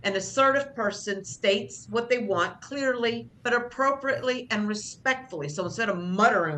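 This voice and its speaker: A woman's voice: medium pitch, normal speed, few pauses, bright, forceful tone, slight background noise. A middle-aged woman instructor giving a conversational classroom lecture, speaking about herself plainly and acting out short example lines. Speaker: job training instructor.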